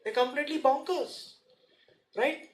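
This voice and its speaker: A man giving a lively seminar talk, asking the audience questions and speaking to them directly. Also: very high-pitched, measured pace, a little hiss or hum, poor audio. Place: seminar room.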